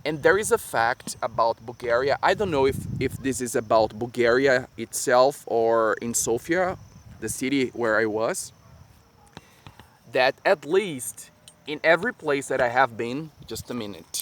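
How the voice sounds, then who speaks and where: A man's voice: medium pitch, lively intonation, normal speed, a bit bright. A Brazilian man, a native Portuguese speaker, telling travel stories in English with a Brazilian accent. He talks in a casual, friendly, chatty way to camera. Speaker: travel vlogger. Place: outdoors in nature. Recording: outdoor recording with insect noise. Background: crickets and insects, passing vehicles.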